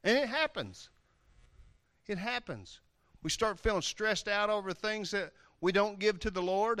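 A male preacher giving a lively, playful sermon, swinging from loud outbursts to quiet asides. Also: sits high, moderate pace, no echo. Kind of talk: animated sermon.

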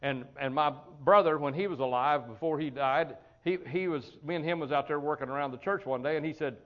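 A man's voice: fairly high pitch, a little fast. A man, preaching in a folksy storytelling way, chuckling often and repeating words as he talks. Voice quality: colloquial, chuckling, repeats words at the start of phrases. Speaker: pastor. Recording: dull lo-fi recording.

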